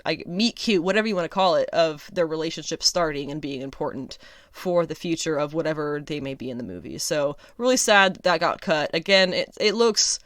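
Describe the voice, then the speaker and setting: A woman hosting a casual solo review podcast, chatty and sarcastic, laughing often and filling pauses with ums. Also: low voice, lively intonation, no echo, studio quality. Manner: chatty, lots of ums and restarts. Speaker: podcast host.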